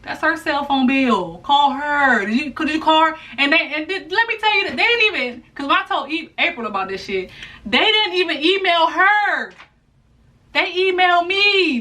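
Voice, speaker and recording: A woman vlogger talks straight to camera in a blunt, profane storytime style. She hammers her points by repeating lines. Her voice is high and sharp, and it sounds slightly distant from the mic. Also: animated, moderate pace. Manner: repeats and restarts lines for emphasis. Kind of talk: storytime vlog.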